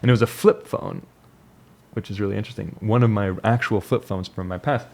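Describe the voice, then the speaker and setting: A man's voice: on the low side, fairly even intonation, a little fast, creaky, darkish tone. A young man talking casually and reflectively about his life, rambling with restarts and fillers. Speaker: vlogger. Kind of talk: casual personal monologue.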